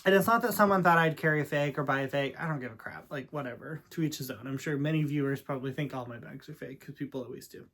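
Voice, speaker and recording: A man tells a story to his camera in a casual vlog, chatty and sassy. His voice sits at a middle pitch, and he drops in dramatic asides as he talks. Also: fast, hardly any pauses, a bit bright. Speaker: vlogger and real estate agent.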